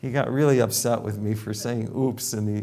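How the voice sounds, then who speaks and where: An older man with a lowish voice tells stories from his dental practice in a relaxed, chatty way. He slips into other people's lines as he acts out quotes. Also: fast. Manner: animated anecdotes with acted quotes. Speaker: dentist. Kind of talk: casual storytelling.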